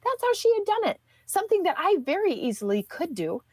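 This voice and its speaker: A woman's voice: very high-pitched, very animated, a little fast, a little mellow, no room sound. A woman in her thirties, a podcast guest telling a personal story in a chatty way, full of fillers and restarts.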